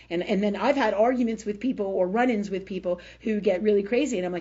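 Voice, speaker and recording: A woman's voice: medium pitch, a little fast, hardly any pauses, mellow, slightly rough, dull audio. A woman hosting a live spiritual talk forum, speaking emphatically, swearing freely and often asking "right?". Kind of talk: unscripted spiritual talk on a livestream.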